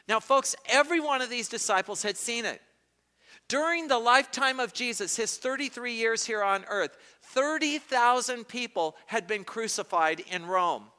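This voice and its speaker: A man delivers a sermon as pastor, his voice sitting high and sounding bright and forceful. He retells scripture dramatically, acting out the voices of the people in the story. The sound carries a long reverb from a large church hall. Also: clean tone. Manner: dramatic retelling with acted quotes.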